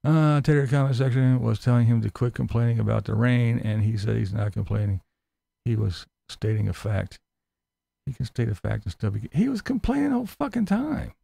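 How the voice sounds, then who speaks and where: Sarcastic, gravelly man ranting on a stream. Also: on the low side, fairly even intonation, moderate pace, warm tone, no room sound. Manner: sarcastic, mocking, swears freely, laughs often. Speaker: YouTube commentary host reading live chat. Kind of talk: live-stream commentary rant.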